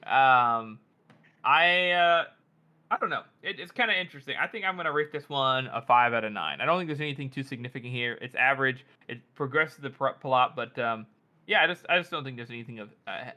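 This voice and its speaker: Bright-voiced, hesitant podcast co-host man. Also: mid-range voice. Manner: hesitant, halting with restarts. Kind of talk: casual book-discussion chat.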